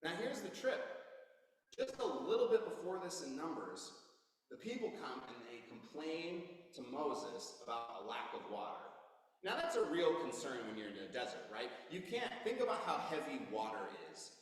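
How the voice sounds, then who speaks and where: A man preaching a sermon as a pastor, retelling scripture stories in casual, modern speech with lively storytelling. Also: fairly high pitch, moderate pace. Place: church sanctuary. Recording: roomy echo from far off.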